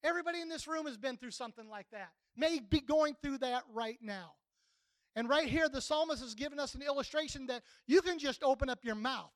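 High-voiced folksy older preacher man. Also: brisk, no room sound, low-quality recording. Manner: folksy, plainspoken, conversational. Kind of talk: sermon.

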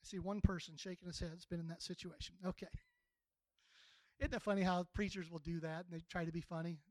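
A man's voice: high-pitched, flat delivery, fast, a little mellow, no echo, rough recording. A man in his sixties preaching a sermon in a folksy, plainspoken, conversational way.

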